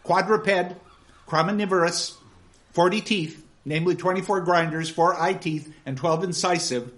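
A man's voice: high-pitched, normal speed, a bit bright, pitched above the performer's own voice. A man reading aloud as a priggish schoolboy who recites a definition mechanically. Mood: reciting.

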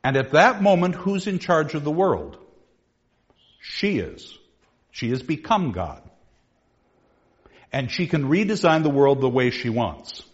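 Animated, joking male literature lecturer. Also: on the high side, a little slow, pauses often. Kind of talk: lively classroom lecture. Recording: dull lo-fi recording.

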